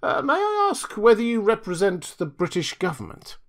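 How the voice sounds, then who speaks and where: A man's voice: high voice, huge pitch swings, moderate pace, fairly bright tone, pitched above the performer's own voice, full character voice. A man reading an audiobook, voicing a cunning, obsequious middle-aged inventor with a velvety voice and a faint foreign accent. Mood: ingratiating. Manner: obsequious, smug and sly. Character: cunning, oily middle-aged male inventor selling secrets.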